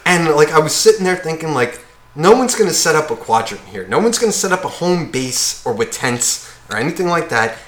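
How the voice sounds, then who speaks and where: A man's voice: a little high, sing-song, a little fast, roomy sound. A man, co-hosting a casual podcast and ranting with lots of swearing while acting out other people. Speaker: podcast co-host. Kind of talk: casual chat.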